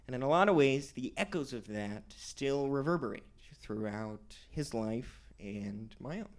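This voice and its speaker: A man's voice: medium pitch, fairly bright tone. A man performing a sardonic stand-up comedy set. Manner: sardonic, self-described cynic.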